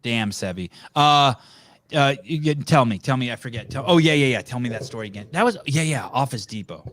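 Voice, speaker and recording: A man's voice: medium pitch, lively intonation, a little fast, fairly bright tone, a little hiss or hum. A man hosting a podcast, chatting casually in a blunt, profane, teasing way. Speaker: podcast host. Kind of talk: casual chat.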